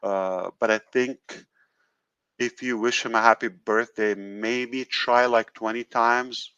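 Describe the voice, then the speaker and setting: A man hosting a live call, talking in a halting way with many fillers and restarts. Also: medium pitch, steady tone, pushed and bright, clean tone, dry recording, dull audio. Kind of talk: casual live call talk.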